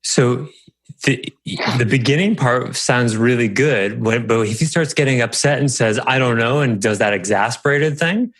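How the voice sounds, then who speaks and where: A man hosting a podcast, coaching a guest in a calm, reflective way. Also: mid-range voice, normal speed, no room sound. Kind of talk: coaching conversation.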